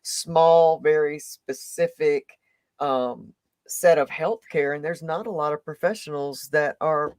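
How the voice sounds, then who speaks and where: A man's voice: fairly high pitch, slow, darkish tone, clean tone. An earnest male host who talks in long, thoughtful runs, making his case with conviction. His voice is recorded dry and close, with no room echo behind it. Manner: earnest, reflective, speaks in long advocating runs. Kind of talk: live conversational show.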